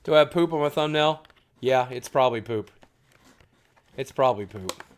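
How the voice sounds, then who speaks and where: A man's voice: mid-range voice, normal speed. Crude, joking male streamer. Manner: crude, profane, jokey. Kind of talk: casual live-stream chat while unboxing.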